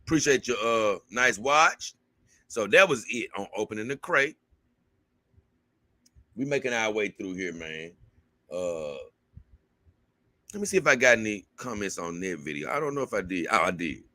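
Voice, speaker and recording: A man's voice: fairly low pitch, moderate pace, long pauses, no room sound. A man hosting his own channel, reading out viewer comments in a casual, drawling way full of fillers. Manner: relaxed, drawling, with many fillers. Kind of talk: casual livestream chat.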